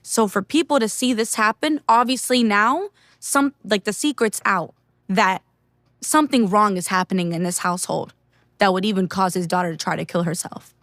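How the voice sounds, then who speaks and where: A woman's voice: mid-range voice, moderate pace, a bit bright, no echo. Young American woman, mid-range voice, dry close sound; earnest and candid, testimony told straight to camera. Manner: earnest, candid, heavy use of "like" and "you know". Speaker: speaker sharing a faith testimony. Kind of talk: personal testimony storytelling.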